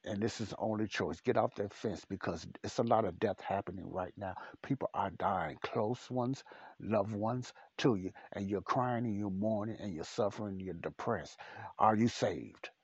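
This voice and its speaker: A man's voice: fairly low pitch, moderate pace, husky, no echo, highs cut off. A man preaching a podcast sermon in a blunt, repetitive, emphatic way.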